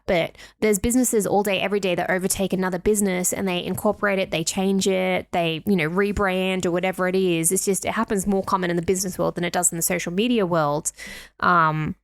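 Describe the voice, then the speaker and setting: A woman's voice: mid-range voice, fairly even intonation, a little fast, no room sound. A woman co-hosting a podcast, talking in chatty, filler-heavy casual conversation with a giggly edge. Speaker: podcast co-host.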